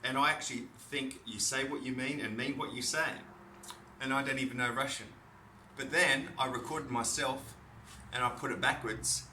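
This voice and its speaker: A man's voice: mid-range voice, fairly even intonation, normal speed, bright, forceful tone, recorded from a distance, slight background noise. An Australian man talking in a disjointed, repetitive stream of consciousness, recorded in an echoey room. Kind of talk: rambling solo monologue to camera.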